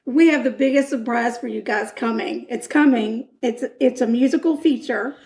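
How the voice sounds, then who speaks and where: A woman co-hosting a podcast in casual chat, chatty with deadpan quips. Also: on the high side, normal speed. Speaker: podcast co-host. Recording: echoey room.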